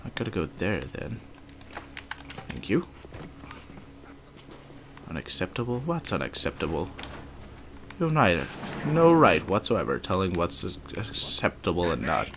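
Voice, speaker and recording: A man's voice: sits low, wildly swooping pitch, a little slow, long pauses, noisy background. A man commenting casually while playing a video game, politely addressing game characters and muttering curses. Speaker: gamer. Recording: loud keyboard typing behind.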